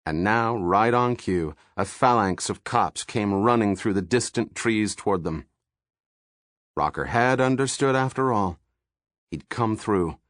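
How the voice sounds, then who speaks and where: A man reading a thriller audiobook in steady, measured narration, recorded on a studio microphone. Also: fairly low pitch, no echo.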